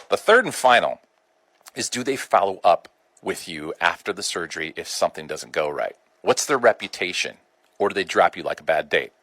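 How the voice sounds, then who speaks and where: Middle-aged man, doctor hosting a radio show, very low voice, dry close studio sound, folksy. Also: fairly bright tone, dry recording. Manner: folksy and conversational, with colloquial asides. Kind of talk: informal health talk.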